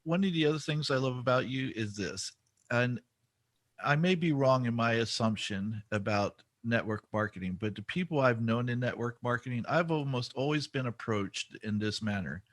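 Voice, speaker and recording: A man's voice: mid-range voice, normal speed, dry recording. A man hosting a podcast interview, enthusiastic and a bit rambling, often restarting his sentences. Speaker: podcast host. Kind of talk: casual interview conversation.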